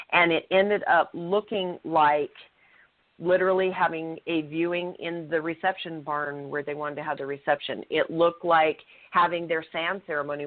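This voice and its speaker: Earnest middle-aged woman on a tinny line. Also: sits low. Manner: earnest, emphatic storytelling with occasional swearing. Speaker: podcast co-host. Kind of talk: conversational podcast talk. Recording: phone-like narrow sound.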